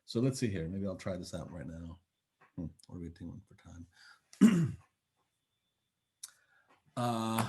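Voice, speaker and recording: A man's voice: fairly low pitch, slight background noise. A man giving a university lecture over a video call, chatty and thinking aloud with many fillers and restarts. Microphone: computer mic on video call.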